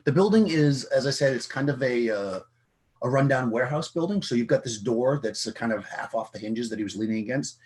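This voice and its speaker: Male game master, husky, casual and halting narration. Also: mid-range voice, expressive, a little mellow.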